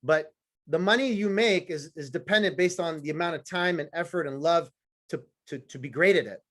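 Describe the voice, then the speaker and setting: Man, high voice, motivational speaker, blunt and profane, punchy repeated lines, teasing the crowd. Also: fairly quick, a bit bright. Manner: repetitive punchy phrasing. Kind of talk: live motivational talk to a sales team.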